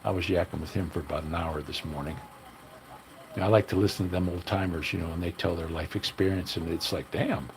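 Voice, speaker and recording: Older guy w a deep gravelly voice, cussing and rambling, faint room noise. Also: fairly even intonation, fairly quick, low-quality recording. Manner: storytelling, loose and profane, folksy. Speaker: livestream host. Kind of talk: casual rambling chat to live viewers.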